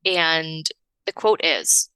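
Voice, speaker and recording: A bright, lively woman coach chatting on a podcast, cursing often and jumping high in pitch as she acts out stories. Recorded close and dry, with no room sound. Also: drawn-out words, smooth, no room sound. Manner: expressive, swears freely, big pitch swings when acting out stories. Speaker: podcast guest, relationship coach. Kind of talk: casual conversational interview.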